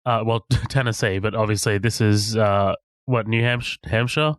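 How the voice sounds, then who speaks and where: A man's voice: on the low side, moderate pace, dry recording, studio quality. A man co-hosting a podcast, laid-back and curious, swearing casually as he chats about a film. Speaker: podcast co-host. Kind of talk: casual movie review chat.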